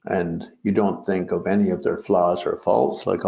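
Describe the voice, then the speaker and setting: A Buddhist teacher gives a dharma talk on a translated poem, wandering into digressions and joking asides. His low, dark voice is creaky and level in tone, moving at normal speed with few pauses. The recording is roomy, dull and lo-fi.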